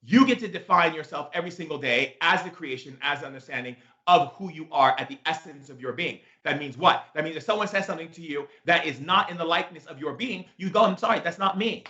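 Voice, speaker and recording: A man's voice: a little high, quick pace, few pauses, pushed and bright. A man teaching a spiritual self-help talk, emphatic and repetitive with playful asides. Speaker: shaman teacher. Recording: echoey room, dull lo-fi sound.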